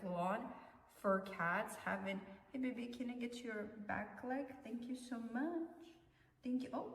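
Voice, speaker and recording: A woman's voice: on the high side, recorded from a distance, slight background noise. Chatty young woman in echoey room. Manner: chatty, mixing English and Russian, fussing over her cat. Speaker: vlogger. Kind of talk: casual chat while grooming her cat.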